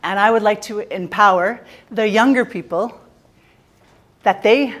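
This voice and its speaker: A woman's voice: medium pitch, unhurried, fairly bright tone. A Canadian woman giving a playful, jokey motivational talk on a conference stage, teasing the audience. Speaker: keynote speaker.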